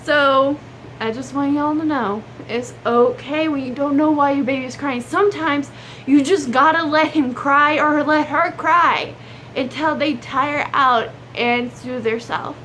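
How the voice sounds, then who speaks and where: A young woman with a drawl talks to her viewers in a casual, earnest advice vlog. Her voice sits high and bright in pitch. A faint hum of room noise runs underneath. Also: unhurried. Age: young adult. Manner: chatty, earnest, drawling with y'all. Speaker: vlogger.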